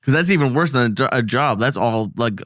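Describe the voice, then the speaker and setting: A man's voice: mid-range voice, animated, brisk, a bit bright, no room sound, clean studio sound. A man co-hosting a casual talk show, laughing often and talking in hesitant, filler-heavy bursts. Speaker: podcast co-host. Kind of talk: casual chat.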